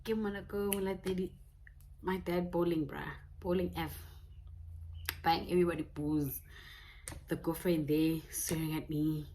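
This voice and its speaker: A woman's voice: fairly low pitch, steady tone, measured pace, pauses often, warm tone, slight background noise. A young South African woman telling a personal story in a candid, casual way, laughing often. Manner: candid, mixing in Setswana phrases, laughing often. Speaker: YouTuber.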